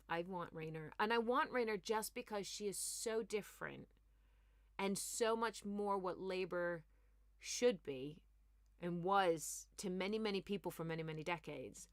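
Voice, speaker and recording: A woman's voice: mid-range voice, no echo, clean studio sound. Sarcastic woman ranting about the news. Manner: animated, sarcastic, ranting asides. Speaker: comedian host. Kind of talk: comic news commentary.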